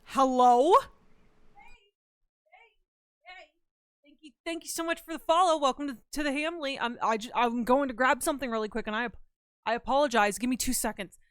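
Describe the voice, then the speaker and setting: A woman's voice: high-pitched, a little fast, fairly bright tone, clear, resonant tone, dry recording, clean studio sound. A young woman livestreaming, chatting casually and playfully with her viewers in a rambling way. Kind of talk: casual chat with live viewers.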